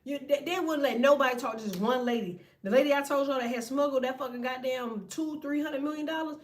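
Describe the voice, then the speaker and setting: A woman hosting a tarot livestream, telling stories in a profane, animated way and acting out other people. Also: sits high, quick pace, recorded from a distance. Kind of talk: casual livestream rant.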